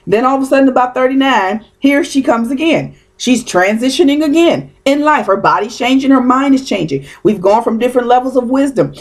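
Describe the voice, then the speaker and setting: A woman's voice: on the high side, lively intonation, a little fast, hardly any pauses. A woman in her thirties giving an informal teaching talk as a preacher, conversational and storytelling, slipping into quoted asides.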